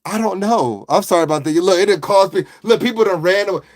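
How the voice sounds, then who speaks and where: A young man speaking, hosting a comedic live stream in a goofy, animated way. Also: fast talker. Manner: animated, high-pitched and goofy, bursting into laughter.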